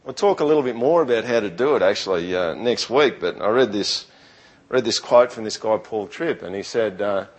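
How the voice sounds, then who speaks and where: A man's voice: on the low side, lively intonation, normal speed, low-quality recording. A middle-aged man preaching a sermon in a conversational, earnest way, often restarting his sentences. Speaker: pastor.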